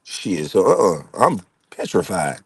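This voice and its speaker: A middle-aged man tells rowdy, profane stories and laughs his way through them. His lively voice swings up and down as he reacts to chat. The recording sounds close and dry. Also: low-pitched, a little slow, gravelly, husky, dry recording. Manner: laughing, profane, animated storyteller. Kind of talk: casual profane storytelling.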